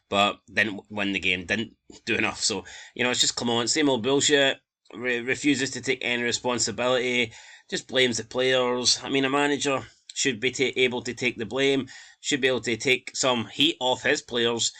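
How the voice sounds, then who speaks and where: A man's voice: mid-range voice, bright, forceful tone. A Scottish man hosting a football channel, bluntly and exasperatedly reading out and reacting to viewer comments, with frequent swearing.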